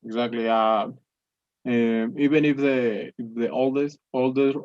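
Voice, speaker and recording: A man's voice: medium pitch, steady tone, a little slow, no echo, lo-fi sound. A young man whose first language is Spanish, practicing English conversation, hesitant with many restarts and fillers. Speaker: English student.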